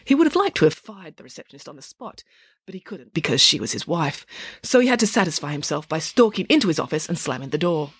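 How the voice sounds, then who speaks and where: A woman narrating a children's storybook in a wry, expressive way. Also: sits low, fast talker, breathy edge, no echo, clean studio sound. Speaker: audiobook narrator.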